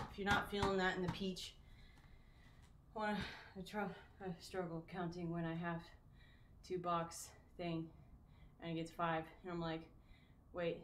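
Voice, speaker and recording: A woman's voice: fairly low pitch, a little hiss or hum. Chatty woman streaming her workout, far from mic. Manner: chatty, counting reps between breaths. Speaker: fitness streamer. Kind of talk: live-streamed workout chat. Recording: roomy sound, mic at a distance.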